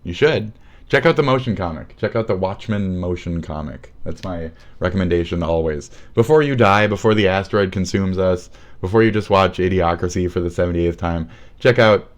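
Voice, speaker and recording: Low-voiced man on a profane rant. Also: a little fast. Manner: profane, rambling and sneering. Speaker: livestreamer. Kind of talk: livestream rant.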